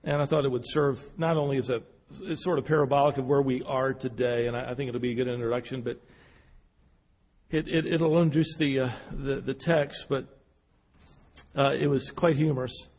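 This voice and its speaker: A man's voice: medium pitch, fairly even intonation, normal speed, a little mellow, husky. A man delivering a sermon, telling a story with frequent restarts and repeated words, then building to emphatic peaks. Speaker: preacher. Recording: hall reverb.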